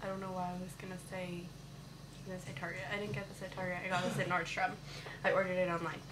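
A young woman chatting casually to her viewers at home in a family vlog, switching between baby talk to her daughter and relaxed chat to the camera. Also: lowish voice, fast, background noise. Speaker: family vlogger.

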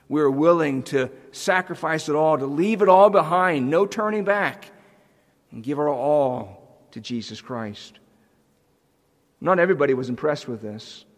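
A man's voice: medium pitch, big-room sound. A man preaching a sermon as pastor, earnest and emphatic, building intensity as he goes. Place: church sanctuary.

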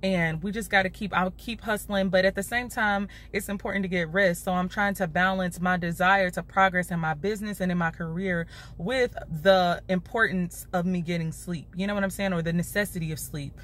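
Young woman, Chicago accent, chatty vlog talk, lowish voice, phone at arm's length in a car. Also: steady tone, a little fast, fairly bright tone. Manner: chatty, talks straight to camera, says y'all often. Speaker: vlogger. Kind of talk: casual vlog chat. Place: in her car. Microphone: phone held at arm's length.

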